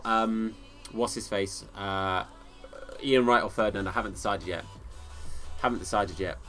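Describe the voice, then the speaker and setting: An English gaming streamer chats casually during live game commentary and replies to chat, friendly and calling viewers bro and mate. His medium-pitched voice sounds bright and forceful.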